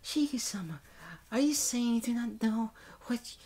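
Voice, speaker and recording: A man voicing a soft-spoken, polite young maid woman who speaks quietly and formally. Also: very high-pitched, unhurried, pitched above the performer's own voice, heavily acted. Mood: puzzled.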